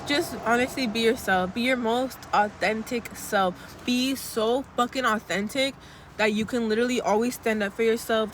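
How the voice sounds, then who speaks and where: A woman's voice: on the high side, slight background noise. A young woman in casual, blunt pep-talk mode, chatty and sweary, calling her viewers girl as she vlogs. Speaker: vlogger.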